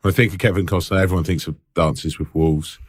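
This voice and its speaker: Co-host, male, very low voice, dry sound, easygoing chatty delivery. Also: fairly even intonation, fast, breathy edge, no room sound. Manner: chatty, laughs often, fillers like "you know what I mean". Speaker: podcast co-host. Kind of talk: casual film chat.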